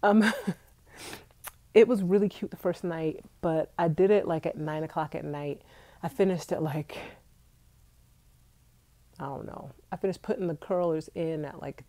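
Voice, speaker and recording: A woman's voice: on the low side, measured pace, long pauses, dark tone, no echo. A young woman congested with allergies, chatting casually and directly to her viewers on a live stream from home. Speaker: vlogger. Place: indoors at home.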